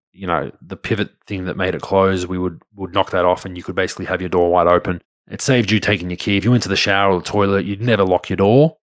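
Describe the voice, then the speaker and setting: Deep-voiced man telling stories. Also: no echo, studio quality. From Australia. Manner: blunt, crude, animated anecdotes. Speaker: podcast host. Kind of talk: casual storytelling.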